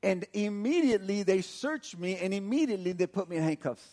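A middle-aged man from Texas, a pastor preaching a sermon and telling a personal story in an animated way. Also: high-pitched, a little fast. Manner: animated storytelling, acts out quotes with laughter.

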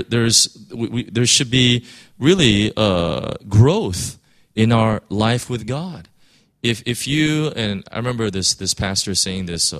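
Halting male preacher, animated pitch, frequent restarts. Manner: halting, repeats words, many restarts. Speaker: pastor. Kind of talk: sermon.

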